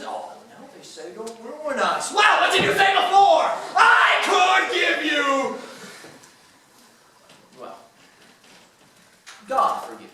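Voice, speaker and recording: School play casting: a young actor as a boastful, gloating mayor, lively and declamatory, heard from far off in a noisy hall. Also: mid-range voice. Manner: gloating, declamatory, bursts of laughter. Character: pompous gloating male town mayor. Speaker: student actor. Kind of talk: amateur school stage acting. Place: school stage.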